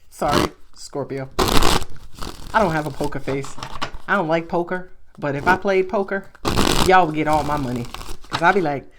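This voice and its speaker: A woman's voice: low voice, normal speed, pauses often, very noisy. A woman giving a casual tarot reading to her viewers, talking bluntly and chattily and laughing often. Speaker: tarot reader.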